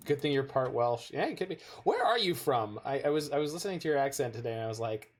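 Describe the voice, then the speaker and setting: A North American man with a medium-pitched, expressive voice talks fast and barely pauses. He's a game streamer chatting casually with viewers over a card game, wandering off into rambling, digressive stories.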